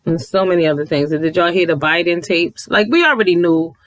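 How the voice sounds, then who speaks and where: A man's voice: a little high, fairly quick, fairly bright tone, dry recording, low-quality recording. A man ranting to viewers from home late at night, emphatic and preachy, cursing and repeating himself for effect. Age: adult with a child. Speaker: commentary vlogger.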